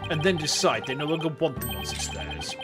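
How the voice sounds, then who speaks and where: A man voicing a cold, arrogant male prosecutor in a deep put-on British accent over background music. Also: lively intonation, fairly quick, lightly acted. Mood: scornful. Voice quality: deep, scornful. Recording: music playing underneath.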